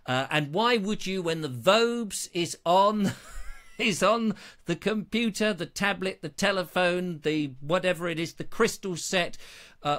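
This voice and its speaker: A man's voice: on the high side, fairly bright tone. A man hosting his own live show, chatting in a rambling, self-mocking, jokey way. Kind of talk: chatty live-stream banter.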